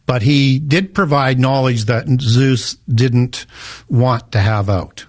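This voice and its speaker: A man's voice: medium pitch, slow pace, no echo. A man explaining ancient myths as an interview guest, lecturing and correcting the host with frequent restarts. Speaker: guest author and researcher.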